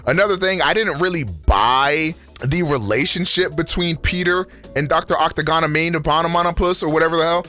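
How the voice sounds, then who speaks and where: A man's voice: fairly high pitch, normal speed, bright, forceful tone, soft background music. A young man with a profane, slangy, rambling delivery, doing a comedic rant about video games on a studio microphone. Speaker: gaming YouTuber. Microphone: studio dynamic microphone.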